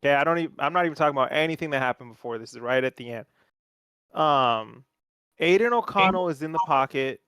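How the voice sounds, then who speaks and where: A young man with a fairly high voice hosts a casual sports podcast. He swears freely and tells the story in an animated way. The sound is dry and close. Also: fast talker, clear, resonant tone, no room sound. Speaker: podcast host.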